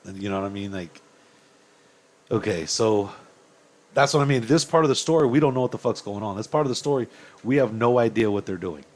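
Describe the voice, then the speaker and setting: A man's voice: lowish voice, brisk, long pauses. A young man, ranting angrily to his viewers with profanity and rhetorical questions. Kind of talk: heated opinion rant.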